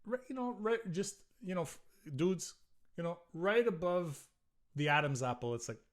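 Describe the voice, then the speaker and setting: A man's voice: sits high, expressive, normal speed. Man, podcast host, solo rant, profane, rambling, raised voice. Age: middle-aged. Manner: profane, ranting, rambling with restarts.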